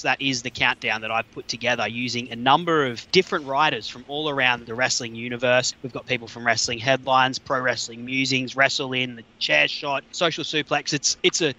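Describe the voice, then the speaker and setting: A very bright, ringing voice from an Australian man running his podcast. He talks in an upbeat, chatty way, full of casual slang, presenting each segment. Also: medium pitch, normal speed, hardly any pauses, low-quality recording. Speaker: podcast host.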